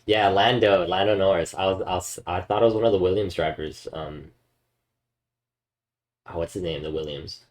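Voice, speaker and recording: Low-voiced laid-back young man. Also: fairly even intonation, normal speed, long pauses. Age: young adult. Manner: laid-back, many fillers. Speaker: streamer. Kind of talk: casual chat with viewers.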